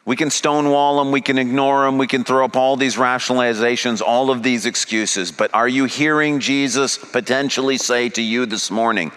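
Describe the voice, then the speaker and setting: A man's voice: medium pitch, fairly even intonation, normal speed, hardly any pauses, fairly bright tone, smooth. A man preaching a sermon, paraphrasing Jesus and building to a pressing, rising delivery. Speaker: pastor.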